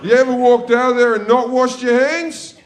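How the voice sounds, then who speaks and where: A man's voice: extremely high pitch, little pitch movement, fairly quick, some chatter behind, a little hiss or hum. A man with an Australian accent doing profane stand-up comedy on a club stage, telling a brash story to a laughing audience.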